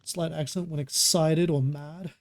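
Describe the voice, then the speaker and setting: A man from Australia streams a survival game and keeps up a loose, chatty running talk with his viewers. His voice sits a little high, and he breaks into laughs between in-game moves. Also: fairly even intonation, unhurried. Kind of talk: casual live gameplay chat.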